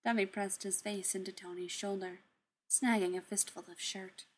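Woman softly reading a story. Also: medium pitch, steady tone, normal speed, a little hiss or hum. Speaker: narrator. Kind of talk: fan fiction reading.

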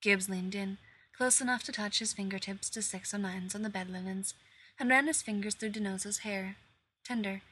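A woman reading a story aloud in an expressive way, voicing each character. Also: medium pitch, slight background noise. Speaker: reader.

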